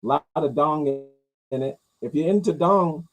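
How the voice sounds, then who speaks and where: Husky man rambling with crude jokes. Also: unhurried, rough recording. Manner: rambling, crude jokes, mumbled low asides. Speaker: host reacting to movie news. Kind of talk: casual chat.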